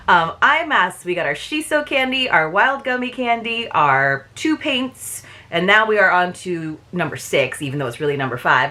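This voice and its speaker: A woman's voice: medium pitch, bright, forceful tone. A woman vlogger in a casual unboxing chat, talking in chatty, rambling asides.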